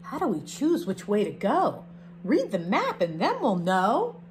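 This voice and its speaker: A woman, a teacher reading a picture book aloud to her class, expressive, with chatty asides between the verses. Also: medium pitch, unhurried, a little hiss or hum.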